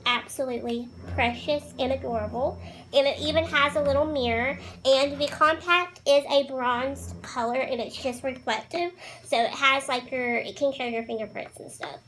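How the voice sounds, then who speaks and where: A woman's voice: sits high, a bit bright, a little hiss or hum, low-quality recording. A woman chatting casually through a makeup tutorial, bubbly and gushing about the products. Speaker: beauty vlogger.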